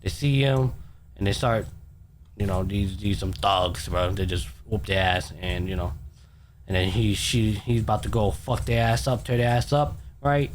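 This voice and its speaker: A man's voice: fairly low pitch, fairly even intonation, moderate pace, slight background noise. Laid-back man swearing through a recap. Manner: loose, profane storytelling with lots of fillers. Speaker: podcast host. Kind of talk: casual anime recap chat.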